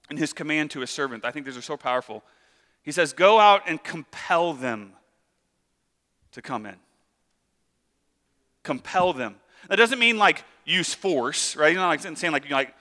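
A man preaching a sermon in a casual, conversational way, acting out lively asides. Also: fairly high pitch, fairly quick, big-room sound. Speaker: pastor.

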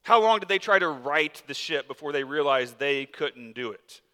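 A man gives a sermon in a relaxed, chatty way, his voice bright and forward and a bit higher than most. It rings out with a long echo in a large church hall. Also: moderate pace. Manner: casual, conversational preaching with many fillers. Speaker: pastor.

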